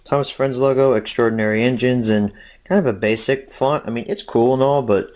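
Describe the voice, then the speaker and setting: A man's voice: medium pitch, brisk, darkish tone. A young man hosting a casual review, rambling and self-deprecating with jokey asides. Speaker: host.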